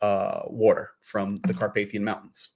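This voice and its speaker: A man's voice: on the low side, little pitch movement, normal speed, vocal fry, a little mellow. A man co-hosting a casual live stream, talking straight to the audience.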